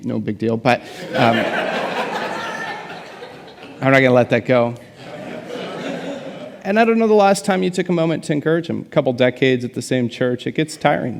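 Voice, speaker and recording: A young man gives a guest sermon in a loose, joking, self-deprecating way, with plenty of fillers. His mid-pitched voice has a gravelly edge. The sound carries a long church-hall reverb. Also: darkish tone. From Canada. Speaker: guest pastor. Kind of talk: conversational sermon.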